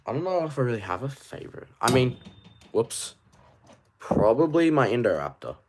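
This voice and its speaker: A man with an Australian accent chatting casually on a livestream, reading viewers' questions aloud and answering in a rambling, animated way. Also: medium pitch. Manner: rambling and animated, quick asides. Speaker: toy collector streamer.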